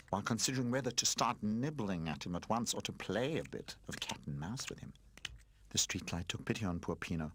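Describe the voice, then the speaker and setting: A man narrating a children's storybook aloud in an expressive, animated reading. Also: on the low side, a little fast, slight background noise.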